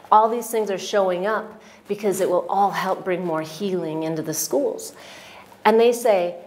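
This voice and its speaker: A woman's voice: lowish voice, darkish tone, slight background noise. A woman giving an emotional personal testimonial at a retreat, telling her story with many restarts and quoted voices. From United States.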